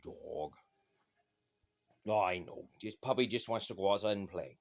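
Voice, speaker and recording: A man's voice: on the low side, unhurried. A man indoors doing playful baby talk to his dog, teasing in a sing-song way and repeating each phrase. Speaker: pet owner filming his dog. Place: inside a house.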